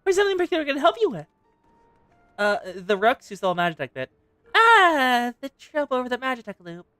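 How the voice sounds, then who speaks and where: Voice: high-pitched, sing-song, brisk, sharp tone, smooth, no room sound, clean studio sound, soft background music, voice pushed up, full character voice. A streamer voicing a formal, gossipy clerk briefing an adventurer. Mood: informative.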